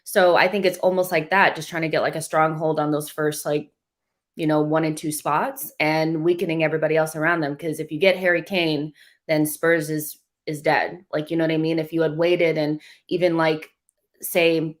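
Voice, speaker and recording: A woman's voice: low voice, flat delivery, moderate pace. A woman in a casual football chat, thinking aloud in a chatty way with many fillers.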